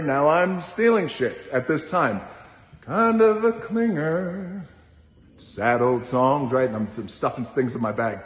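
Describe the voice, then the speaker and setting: A man telling a casual, animated anecdote, now and then breaking into song and laughing as he goes. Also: mid-range voice. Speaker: storyteller answering questions. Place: large gym. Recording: roomy echoey hall.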